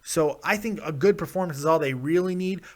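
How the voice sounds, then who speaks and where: A man's voice: fairly high pitch, brisk, a little mellow. A man hosting a live show in casual, rambling talk, joking and teasing himself. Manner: rambling, self-deprecating, jokey. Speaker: host.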